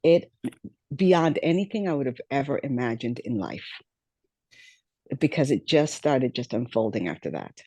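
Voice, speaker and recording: Woman, podcast guest, warm mellow voice, dry close sound, reflective storytelling. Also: rumbling low, lively intonation, moderate pace, pauses often, breathy edge, dry recording. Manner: reflective, repeats phrases for emphasis. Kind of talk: storytelling interview.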